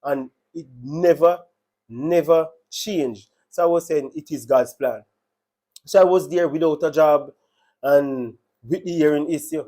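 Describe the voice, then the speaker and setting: A Jamaican man tells his own faith testimony, his voice sitting a little higher than most men's. He talks earnestly and with emotion, often going back over the same words as he recounts what happened. It is an unscripted personal story. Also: a little slow, warm tone. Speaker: testimony speaker.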